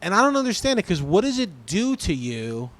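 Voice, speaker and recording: Podcast guest, male comedian, halting and earnest, slightly raised voice. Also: high voice, very animated. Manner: halting, repeats words while searching. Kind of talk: casual conversation.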